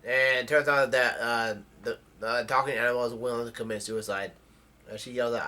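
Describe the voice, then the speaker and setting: A man casually summarizing the plot of a comic chapter, with halting speech full of ums, uhs and restarts. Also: medium pitch, steady tone, pushed and bright. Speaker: manga chapter recapper.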